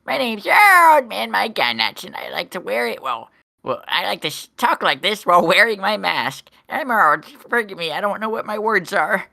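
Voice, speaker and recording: A man's voice: sits high, big pitch swings, normal speed, creaky, sharp tone, pitched above the performer's own voice, heavily acted. A man doing a comic voice of a doddering, rambling old man on a podcast. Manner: quavering, rambling, self-pitying old-timer talk.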